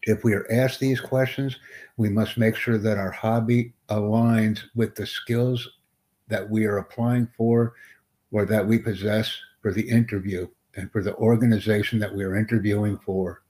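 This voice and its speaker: A man hosting a live-streamed English interview lesson, who speaks slowly and deliberately and sternly corrects a student. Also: lowish voice, steady tone, a little mellow.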